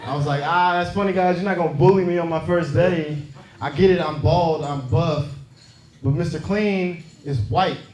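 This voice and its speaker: A man's voice: fairly high pitch, normal speed, a little mellow. A man doing a stand-up set, brash and profane, teasing the crowd from a comedy club stage. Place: comedy club stage before a laughing audience. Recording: roomy club sound with crowd laughter.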